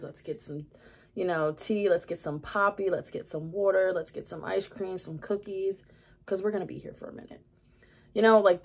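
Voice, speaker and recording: A woman's voice: fairly low pitch, a little mellow. A young woman vlogging at her makeup area at home, chatting candidly with lots of fillers. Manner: rambling, many fillers, candid. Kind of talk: casual confessional chat.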